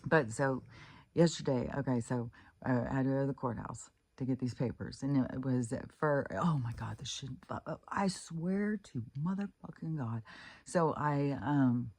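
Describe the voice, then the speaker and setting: A woman with a strikingly deep, husky voice talks through a loose, profane vlog monologue. She wanders from point to point, leaning on fillers and curse words. The sound is dry and close, with no room around it. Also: normal speed, darkish tone, no room sound. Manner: profane, rambling, frequent fillers. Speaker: vlogger. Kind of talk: casual rambling monologue.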